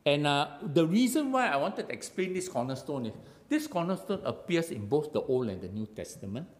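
A man preaching a sermon in a lively way, acting out dialogue and using local particles. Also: fairly high pitch, brisk, long reverb tail. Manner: animated, acts out dialogue, Singlish particles.

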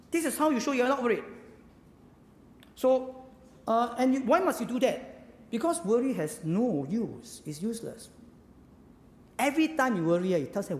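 A man's voice: high-pitched, a little fast, a little hiss or hum. A man with a Singaporean English accent, preaching a sermon and firing rhetorical questions at his congregation. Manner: animated, asks the audience rhetorical questions. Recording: echoey hall with faint ambience.

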